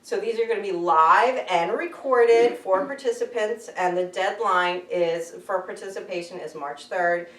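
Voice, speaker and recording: A woman guest, an animal communicator, telling stories in an animated, chatty way and laughing often. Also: mid-range voice, measured pace, few pauses. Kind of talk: casual storytelling interview. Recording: echoey room, distant mic.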